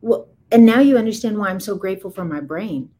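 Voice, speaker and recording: A woman's voice: mid-range voice, expressive, fairly quick, dark tone, poor audio. A woman in her forties giving a candid, impassioned account in conversation, speaking emphatically in rising bursts. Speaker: guest.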